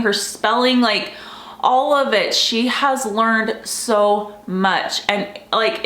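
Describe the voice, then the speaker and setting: Young woman, mom vlogger, casual talk to camera, emotional and gushing, mid pitch, reverberant room. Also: a bit bright. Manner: chatty, heavy use of "like", emotional and gushing.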